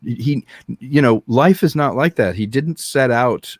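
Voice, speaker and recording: A man's voice: mid-range voice, expressive, measured pace, breathy edge, no room sound, studio quality. A man who is a filmmaker, a guest on a casual podcast, speaking reflectively and handing out advice.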